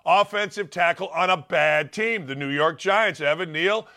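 A man's voice: sits high, normal speed, bright, forceful tone. A man hosting a sports talk show, joking and opinionated with conversational asides. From United States. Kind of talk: casual sports commentary.

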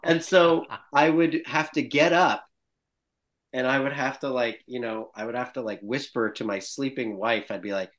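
Guy on a podcast telling a funny story, laughs a lot, mid-pitched voice. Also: normal speed. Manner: animated storyteller, laughing often. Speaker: guest actor. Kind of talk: casual podcast chat.

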